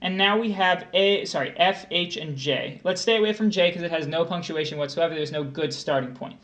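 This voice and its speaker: A man's voice: fairly high pitch, fairly quick, fairly bright tone. A young man tutoring test prep on a livestream, walking through a grammar question and thinking aloud with restarts.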